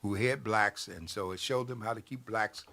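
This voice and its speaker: A man, a newspaper editor, explaining a political process in a measured way on a talk show. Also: fairly low pitch, creaky, pushed and bright.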